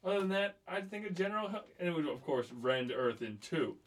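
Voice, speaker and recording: A man co-hosting a podcast, riffing with deadpan, crude, absurd humor in casual banter. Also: fairly high pitch, fairly quick. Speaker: podcast co-host.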